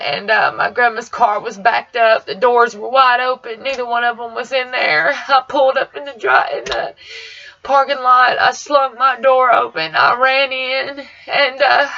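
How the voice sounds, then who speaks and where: Young woman vlogger, raspy fry in a fairly high voice, dull lo-fi recording. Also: a bit bright. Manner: emotional, rambling retelling. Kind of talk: personal storytelling vlog. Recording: dull lo-fi sound.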